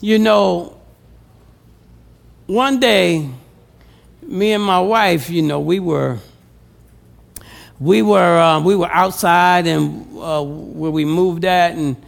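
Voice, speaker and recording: A man's voice: sits high, slow pace, creaky, long pauses. A male pastor preaching a sermon with humor, calling out questions to the congregation.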